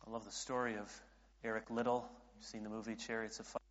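A man's voice: lowish voice, little pitch movement, fast. A man in his late thirties preaching a sermon as a pastor, earnest, often restarting his sentences and building in intensity. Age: late 30s. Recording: dull audio in a reverberant hall.

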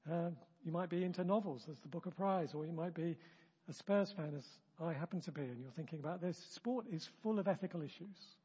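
A man with a husky voice leading a church training session in a chatty, self-interrupting way, acting out example remarks. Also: high-pitched, dark tone. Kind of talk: informal teaching talk. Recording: dull, long-reverb room recording.

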